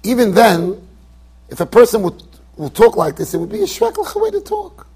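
High, husky-voiced rabbi lecturing emphatically. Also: male voice, wildly swooping pitch, moderate pace, dark tone. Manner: emphatic, asks rhetorical questions, repeats phrases, stumbles on restarts. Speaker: rabbi teaching a Torah class. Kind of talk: lecture-style Torah class. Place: yeshiva study hall.

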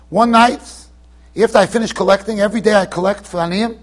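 A rabbi with a strikingly high, husky voice spins a tale for his students. He talks in an animated, conversational way, stopping now and then to check that his listeners are following. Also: fast talker. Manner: animated storyteller, chatty asides to students. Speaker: rabbi giving a Torah class. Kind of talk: storytelling lecture. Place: yeshiva study hall.

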